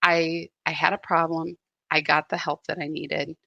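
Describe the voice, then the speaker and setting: A woman's voice: sits low, level tone, moderate pace, creaky, pushed and bright, no echo, muffled recording. A woman spiritual guide giving a live meditation talk, telling a candid story that turns reflective.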